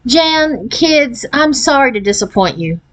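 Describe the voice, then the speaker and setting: A woman's voice: high-pitched, very animated, unhurried, a bit bright, pitched above the performer's own voice, heavily acted. Woman reading as a firm, rule-loving mother. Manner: firm, matter-of-fact.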